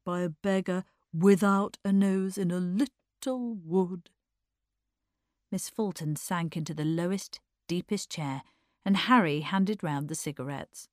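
A woman narrates an audiobook with a measured, expressive reading. Her voice is lowish, and the clean studio recording has no echo.

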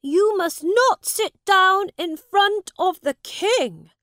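A woman voicing a young boy king who is proud and earnest, speaking in a high, commanding voice. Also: lively intonation, takes it slowly, bright, forceful tone, no echo, studio quality, exaggerated voice.

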